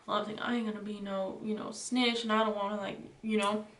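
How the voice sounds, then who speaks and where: A young woman tells a storytime in a loose, chatty way, full of filler words. Her voice sits at an ordinary pitch for a woman. The recording has a roomy echo and she sounds set back from the mic. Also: little pitch movement, fast, fairly bright tone, distant mic, slight background noise. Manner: chatty, filler-heavy retelling with lots of "like" and "you know". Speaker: vlogger. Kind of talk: casual storytime.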